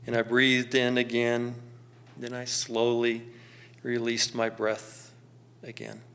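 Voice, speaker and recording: A middle-aged man telling a personal story in a slow, gentle, contemplative way, with pauses. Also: medium pitch, completely flat delivery.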